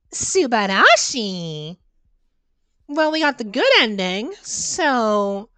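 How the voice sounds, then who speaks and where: A woman streamer riffs on a horror game with playful sarcasm and big reactions. Her high, bright voice swoops over a wide range and often slows down for effect. It is recorded close and dry. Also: no echo. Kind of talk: let's-play horror game commentary.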